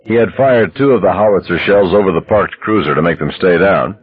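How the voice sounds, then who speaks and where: A man narrating an audiobook in a steady, measured storytelling manner, on a dull lo-fi recording. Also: deep voice, soft background music.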